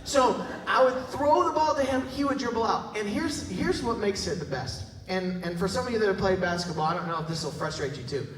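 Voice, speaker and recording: A man's voice: high-pitched, fairly quick. A man preaching a sermon, telling a story with jokes and frequent tag questions to the congregation. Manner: animated, jokey, talks to the crowd with tag questions. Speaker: pastor. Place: large church hall. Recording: roomy echo from a distance.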